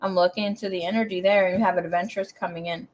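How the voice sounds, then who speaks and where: A woman's voice: on the low side, fairly even intonation, fast talker, a little hiss or hum. A woman giving a casual tarot reading in a chatty, blunt way, swearing freely as she talks. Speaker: tarot reader.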